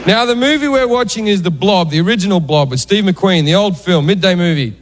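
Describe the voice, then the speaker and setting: A man on stage telling a comic story, his voice sitting high for a man. He slips into loud, angry bursts for the characters. The live club recording carries clear room and crowd noise. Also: fairly quick. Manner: deadpan storytelling with sudden raised acted outbursts. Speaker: stand-up comedian. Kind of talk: stand-up storytelling.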